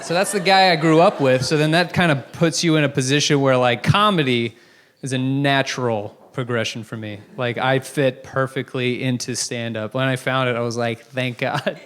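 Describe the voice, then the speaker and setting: A man's voice: mid-range voice, fairly even intonation, moderate pace, a bit bright, a little hiss or hum. A man in his thirties doing a brash, profane, self-mocking stand-up set on a comedy club stage, speaking into a handheld mic. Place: comedy club stage before a live audience.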